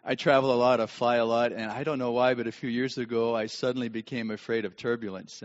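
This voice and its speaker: A middle-aged man preaching a sermon and telling a personal story, dramatic and swinging from hushed tones to shouting. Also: mid-range voice. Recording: long hall reverb, dull lo-fi sound.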